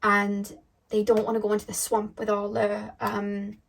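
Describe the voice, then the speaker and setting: A woman's voice: medium pitch, monotone, moderate pace, vocal fry. A woman tarot reader telling a spiritual story to camera in a rambling, emphatic way. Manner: rambling, emphatic, lots of fillers and restarts.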